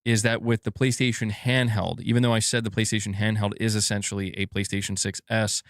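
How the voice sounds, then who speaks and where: A man's voice: lowish voice, little pitch movement, brisk, fairly bright tone, no room sound, studio quality. A man hosting a casual gaming news live stream, rambling and swearing as he reads viewer comments aloud.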